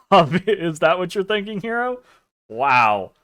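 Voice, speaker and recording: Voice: medium pitch, moderate pace, a bit bright, no echo, studio quality. A let's play host giving casual, rambling game commentary, swearing freely and laughing.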